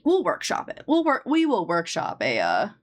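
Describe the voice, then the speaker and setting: A woman's voice: medium pitch, huge pitch swings, moderate pace. A woman chatting casually on a live stream into a sensitive desk microphone, rambling with lots of fillers and restarts.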